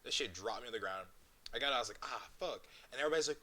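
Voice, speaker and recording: A young man co-hosting a casual chat, telling stories in an animated, profane way. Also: medium pitch, fast talker. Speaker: co-host. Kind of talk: casual chat among friends. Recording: noisy stream audio.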